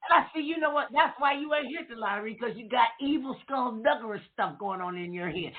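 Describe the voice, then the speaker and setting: Husky woman host over a tinny line. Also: fairly high pitch, a little fast, hardly any pauses. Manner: animated storyteller, acts out quoted voices. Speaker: talk show host. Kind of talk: casual chat.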